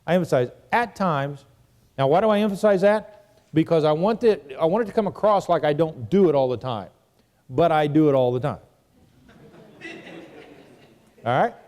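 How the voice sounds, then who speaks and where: A man's voice: a little high, mellow, big-room sound. A man teaching a seminar on real estate investing, walking the audience through a phone script step by step in a conversational way. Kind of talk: seminar lesson.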